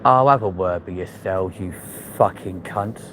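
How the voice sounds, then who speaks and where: A young man with a lowish voice, cursing freely and muttering to himself as he films on his phone. He talks from a car and then from inside a large supermarket, with clear vehicle and shop noise around him. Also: a little slow, a bit bright. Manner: blunt and sweary, mumbling asides. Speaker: vlog presenter. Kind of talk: casual vlog banter. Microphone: handheld phone while filming.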